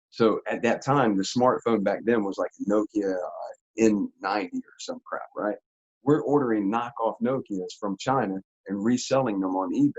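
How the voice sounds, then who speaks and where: A man telling a story in an interview, in a casual, animated, slangy way with frequent laughs. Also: fairly low pitch, breathy edge, lo-fi sound. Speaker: interview guest.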